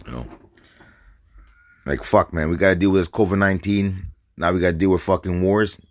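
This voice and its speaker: Speaking to camera, a low-pitched North American vlogger delivers a stream-of-consciousness rant, agitated and profane, rambling and repeating himself as he drinks and smokes. He talks briskly with frequent pauses, and there's slight background noise.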